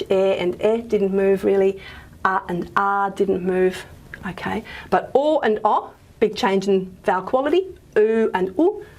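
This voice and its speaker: A woman's voice: medium pitch, darkish tone. A woman with an Australian accent teaches a phonetics lecture. She talks in a loose, informal way, with plenty of fillers and self-corrections as she goes. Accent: Australian English. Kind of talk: recorded lecture.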